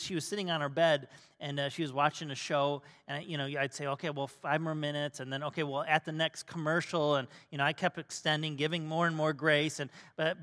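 A middle-aged male pastor preaching a sermon, telling a family story and swinging from loud emphasis to soft, hushed tones. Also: a little high. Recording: long hall reverb.

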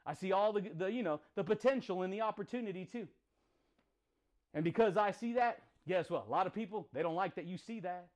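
Podcast host, male, high-pitched, intense, profane, hammering motivational lines through repetition. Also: a little fast. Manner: intense, punchy, profane, repeats phrases. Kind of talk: motivational monologue.

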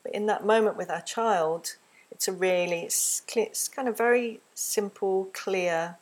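A woman giving a gentle, earnest solo talk on parenting, recorded close to the microphone and slipping into a soft, soothing tone when she models what to say to a child. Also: mid-range voice, unhurried. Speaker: parenting teacher. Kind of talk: reflective spoken talk.

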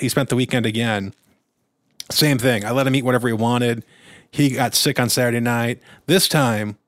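Young male podcast co-host, storyteller type, mid-pitched, dry close mic. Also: no room sound. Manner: animated storyteller, acts out quotes in a high voice. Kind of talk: casual storytelling chat.

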